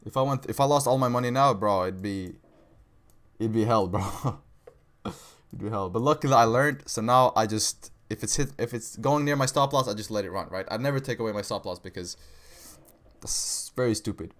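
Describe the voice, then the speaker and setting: Young man, low-pitched voice, casual slangy livestream talk, swears. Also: moderate pace, a bit bright. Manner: casual slangy talk, says bro and right a lot, swears. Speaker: livestream trading host. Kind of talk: casual livestream chat reading viewer questions.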